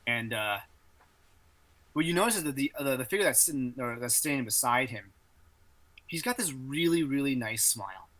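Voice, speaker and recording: A man's voice: medium pitch, expressive, moderate pace, long pauses, a bit bright, poor audio. A man narrating a tabletop role-playing game as game master, rambling with many fillers.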